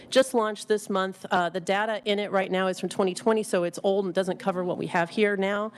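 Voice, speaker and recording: A woman giving formal testimony to a legislative committee as an executive director. She rushes, with frequent ums and restarts. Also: medium pitch.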